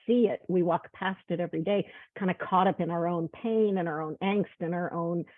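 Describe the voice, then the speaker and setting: Earnest low-voiced woman in her fifties. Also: steady tone, fairly quick, no echo. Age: 50s. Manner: earnest, heartfelt storytelling with quoted dialogue. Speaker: guest, medical student. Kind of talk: candid interview chat. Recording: tinny phone-like call audio.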